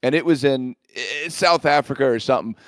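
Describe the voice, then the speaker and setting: A man's voice: mid-range voice, brisk, dry recording, clean studio sound. A young man co-hosting a comedy podcast, telling stories in casual banter and laughing a lot.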